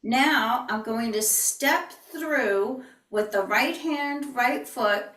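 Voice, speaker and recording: A woman teaching tai chi in an online class, calmly cueing each step and breathing out whispered healing sounds. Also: fairly high pitch, very slow, distant mic. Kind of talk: online movement class instruction. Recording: echoey room, voice heard from off the mic.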